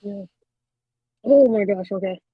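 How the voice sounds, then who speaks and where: A woman chatting casually in a book club, with soft, brief replies. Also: medium pitch, measured pace, slightly rough, no echo, phone-quality sound. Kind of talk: casual chat.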